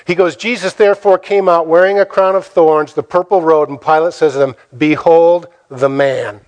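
Man, pastor, sermon, dramatic delivery, rhetorical questions, fairly high voice. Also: steady tone, fairly quick.

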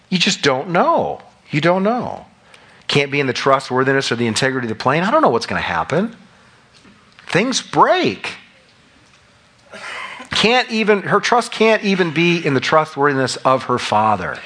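Animated bright-voiced male preacher. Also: a little high, moderate pace. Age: middle-aged. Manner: animated, conversational preaching with rising emphatic peaks. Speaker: pastor. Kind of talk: sermon.

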